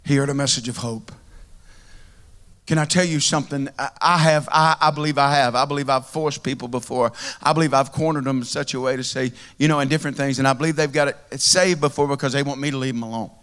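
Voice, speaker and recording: Man preacher, earnest storyteller, bright ringing tone, mid-pitched, heartfelt. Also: fairly even intonation, fast talker, clean tone. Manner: earnest, heartfelt, conversational with repeated phrases. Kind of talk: storytelling sermon. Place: church in front of a congregation.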